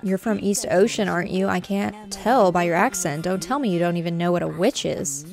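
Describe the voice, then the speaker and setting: A woman voicing a scornful, gruff male capybara trader from a game, reading his lines aloud. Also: on the low side, brisk, darkish tone, soft background music. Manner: dismissive and scornful.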